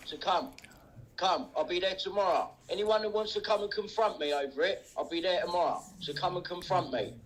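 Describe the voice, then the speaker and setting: A man's voice: sits high, brisk, a bit bright, rough recording. A man ranting angrily on a livestream, swearing and taunting. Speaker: livestream host. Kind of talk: angry livestream rant.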